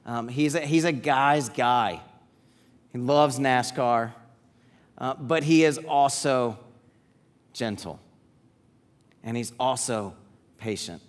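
A man preaching a sermon to parents, repeating key words for emphasis and letting phrases trail off softly. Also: medium pitch, slow pace, pauses often.

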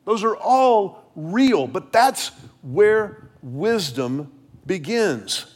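A middle-aged man preaching a sermon as pastor, repeating words as he restarts and dropping low and quiet when he tells a story. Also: big pitch swings, drawn-out words, husky. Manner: storytelling, drops low and quiet for quoted lines.

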